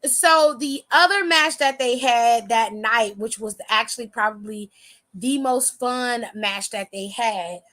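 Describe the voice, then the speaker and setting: A woman's voice: on the high side, measured pace, a bit bright. A woman hosting a casual wrestling recap, talking in a sassy, profane, slangy way.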